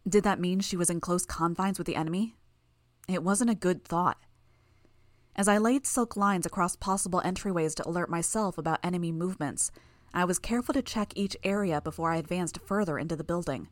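A woman reading a first-person audiobook in a steady, measured way. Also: on the low side, no echo. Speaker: audiobook narrator.

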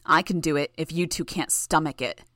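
Blunt angry young woman, read by the narrator, low and gruff. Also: moderate pace, sharp tone, no room sound, clean studio sound.

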